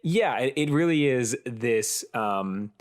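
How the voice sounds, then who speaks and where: A man's voice: mid-range voice, lively intonation, slow pace. A man hosting a podcast in casual chat, rambling and thinking aloud with many fillers. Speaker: podcast host.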